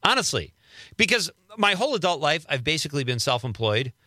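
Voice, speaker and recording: A man's voice: on the high side, big pitch swings, fairly quick, sharp tone, no room sound. A man hosting a radio show in a studio, chatting casually and joking at his own expense. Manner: chatty and self-deprecating. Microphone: studio microphone.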